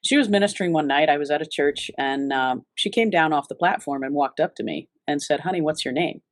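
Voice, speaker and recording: A woman's voice: low voice, a little fast, no room sound. A woman giving an earnest, reflective personal testimony in an interview, often restarting her sentences. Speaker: interview guest.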